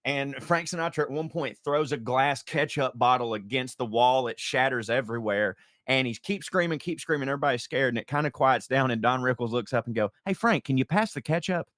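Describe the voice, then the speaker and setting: A man with a Southern US accent, co-hosting a podcast and telling jokes in a casual chat, jumping into loud put-on voices. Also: medium pitch, brisk, few pauses, dry recording, clean studio sound. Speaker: podcast co-host.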